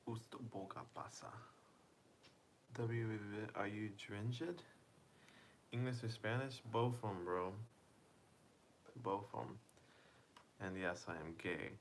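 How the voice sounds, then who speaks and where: A soft-spoken, tired man chats slowly and lazily on a phone livestream from home. His voice sits fairly low, and he keeps it deliberately hushed. A faint hum lingers underneath. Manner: laid-back, reads chat aloud and answers viewers. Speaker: livestreamer reading chat. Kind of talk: casual live-stream chat.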